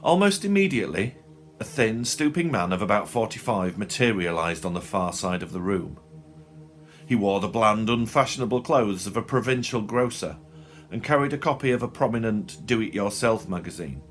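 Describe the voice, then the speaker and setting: A man reading a short story aloud in a dry, expressive storytelling manner. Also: fairly low pitch, normal speed. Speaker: narrator. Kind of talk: audiobook reading.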